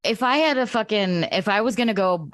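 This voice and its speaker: A woman's voice: mid-range voice, lively intonation, fairly quick, no room sound, clean studio sound. A woman co-hosting a podcast, talking in a blunt, profane ranting way in casual chat. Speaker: podcast co-host.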